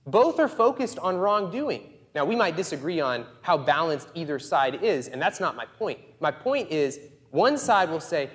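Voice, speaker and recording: A man with a slightly high voice preaches in a relaxed, chatty way and leans hard on his key points. His words ring out with a long reverb tail, as in a church sanctuary. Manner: conversational, emphatic preaching. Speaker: pastor. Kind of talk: sermon.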